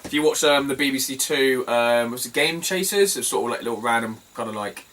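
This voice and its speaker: A man's voice: mid-range voice, a little fast, a bit bright, recorded from a distance, a little hiss or hum, low-quality recording. A British man chatting casually in a vlog about his retro game finds, rambling, swearing freely and laughing as he tells stories. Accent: British English. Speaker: retro game collector vlogger.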